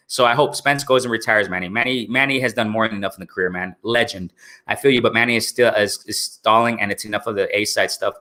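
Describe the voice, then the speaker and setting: Bright-voiced man chatting on a live stream. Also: on the low side. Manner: talkative, repeats "you know what I'm saying". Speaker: host of a live boxing stream. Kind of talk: casual live-stream commentary, reading chat.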